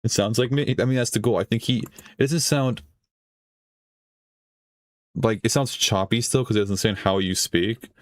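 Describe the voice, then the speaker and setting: Here a low-ish male voice moves at normal speed, leaving long pauses, with no echo. He's a stream host giving offhand reaction commentary on a video, wandering off topic, swearing a lot and laughing as he goes.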